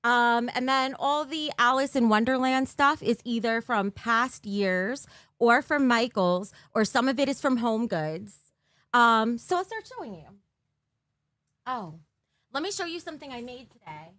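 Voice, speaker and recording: A woman's voice: a little high, animated, unhurried, fairly bright tone, no echo, clean studio sound. A woman live-streaming from her bedroom, chatting casually with her viewers on a desk mic and giggling often.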